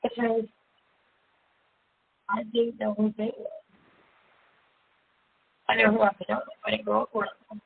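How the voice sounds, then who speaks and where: A woman hosting a self-help seminar, talking candidly and casually about her own life, laughing often and jumping up into a high pitch. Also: level tone, moderate pace, vocal fry, pauses often, slightly rough. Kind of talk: casual personal monologue. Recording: tinny phone-like audio with faint hiss.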